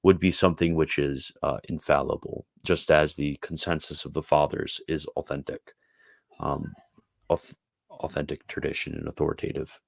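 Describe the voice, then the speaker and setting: Very deep-voiced man reading then chatting. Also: level tone, vocal fry, no room sound. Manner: measured formal reading, then loose chat with fillers. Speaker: host reading and answering viewer questions. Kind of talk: reading aloud then casual live Q&A.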